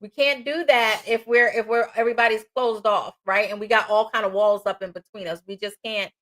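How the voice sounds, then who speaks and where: Woman, New York accent, co-host, loud, passionate, faith-based relationship talk. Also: fairly high pitch, steady tone, fairly quick.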